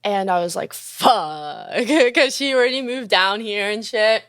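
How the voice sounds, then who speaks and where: A young woman who hosts a podcast and plays music tells a story casually, swearing often and animatedly acting out what people said. Her mid-range voice is clear and resonant, a little slow, recorded dry with clean studio sound.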